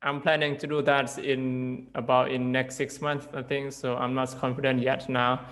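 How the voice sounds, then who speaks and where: Young man, Lao accent, English teacher, flat monotone, hesitant with fillers, casual interview chat. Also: mid-range voice, normal speed, poor audio. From Laos. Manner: hesitant, many fillers and restarts.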